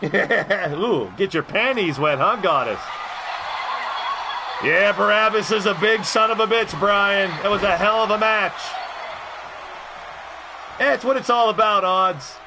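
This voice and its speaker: A man calling play-by-play on a wrestling video game for a live stream, rowdy and profane and often breaking into shouts while greeting his chat. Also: high voice, slow pace, long pauses, background noise.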